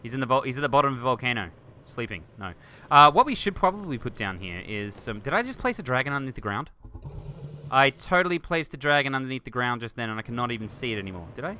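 A man hosting a game video, thinking aloud and getting excited as he chats to objects on screen. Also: mid-range voice, quick pace, a little hiss or hum. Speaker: gaming video host. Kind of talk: let's play commentary.

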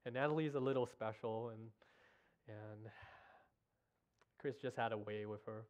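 A man preaching a sermon in a church, earnest and emotional, halting with restarts as he speaks. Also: on the low side, highs cut off. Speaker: guest preacher. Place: church sanctuary.

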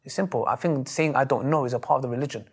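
A man, telling stories in an interview in a lively, emphatic way and acting out the voices he quotes. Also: mid-range voice, rapid-fire, slightly rough. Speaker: Muslim preacher interviewed. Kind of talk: animated storytelling in an interview.

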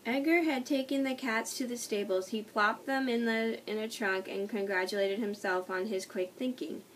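A woman reading a children's book aloud, slowly and carefully, often stumbling and restarting words. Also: on the high side, fairly even intonation. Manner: slow, careful reading with frequent slips and restarts. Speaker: storybook reader. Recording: distant mic with faint noise.

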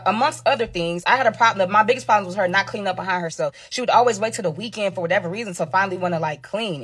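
A woman's voice: medium pitch, a bit bright, husky. A woman reading a dramatic story aloud, full of slang and asides to the viewers.

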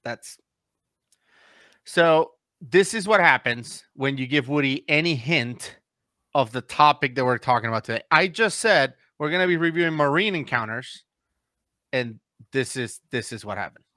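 A man's voice: medium pitch, lively intonation, normal speed, pushed and bright, dry recording. A man hosting a casual reaction video, dry and exasperated with his co-host.

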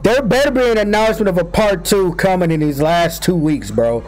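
A man hosting an anime reaction video, talking in excited, slangy casual commentary, laughing often and repeating himself. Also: high-pitched, brisk, soft background music. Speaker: anime reaction channel host.

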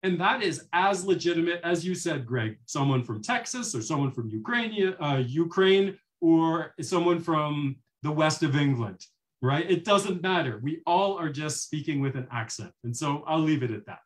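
Male panelist, slightly high voice, measured and articulate delivery. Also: lively intonation. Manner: measured, articulate, fast asides. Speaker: panelist poet. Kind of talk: panel discussion.

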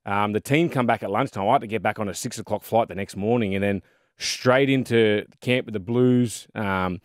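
A man's voice: fairly low pitch, moderate pace, no room sound, studio quality. An Australian man in his thirties telling rugby league stories in a casual podcast chat, full of fillers. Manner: animated storyteller, fillers and mate. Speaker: podcast co-host, former rugby league player.

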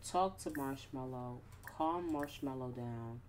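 Chatty low-voiced woman gamer. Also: slow, darkish tone, a little hiss or hum. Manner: chatty, playful, slangy asides. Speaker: gaming YouTuber. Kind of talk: casual gameplay commentary.

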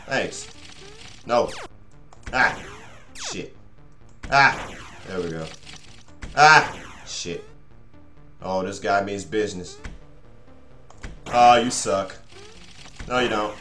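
A man's voice: lowish voice, huge pitch swings, drawn-out words, long pauses, sharp tone, faint music behind. A young man giving let's play commentary, frustrated, swearing a lot and rambling to his viewers. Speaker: gaming channel host. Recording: echoey room.

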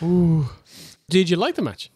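A man's voice: sits high, big pitch swings, measured pace, heavy background noise. A man co-hosting a casual review chat, ranting mockingly and laughing often. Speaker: co-host.

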